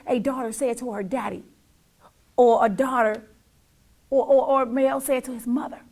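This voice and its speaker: A middle-aged talk show host, her voice on the high side with fairly even intonation, speaks at normal speed. She addresses viewers in an emotional, emphatic monologue that goes from loud to nearly whispered, repeating lines to drive them home.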